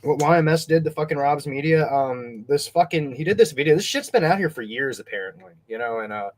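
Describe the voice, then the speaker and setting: A man's voice: fairly high pitch, expressive, brisk. A man hosting a casual livestream, rambling and swearing crudely. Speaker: host.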